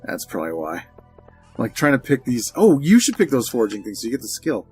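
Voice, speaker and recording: A man with a plain, mid-pitched voice hosts a let's-play session, talking loosely over gameplay. He jokes crudely and rambles between chores in the game. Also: wildly swooping pitch, quick pace, darkish tone, breathy edge, soft background music. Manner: crude, joking banter. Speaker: gaming channel host. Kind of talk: casual gameplay commentary.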